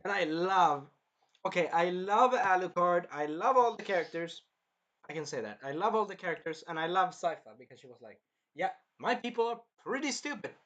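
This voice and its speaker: Rambling, slightly high-voiced male reviewer. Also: animated, fairly quick, a bit bright, muffled recording. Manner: rambling, repeats himself, swears. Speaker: show reviewer. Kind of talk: casual episode review.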